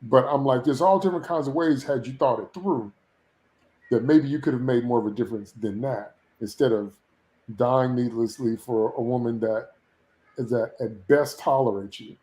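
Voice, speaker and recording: A man's voice: mid-range voice, normal speed, dark tone. A man on a podcast, venting in a casual, opinionated way, with exasperated rants and frequent laughter. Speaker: podcast co-host reviewing a TV episode. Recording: roomy echo.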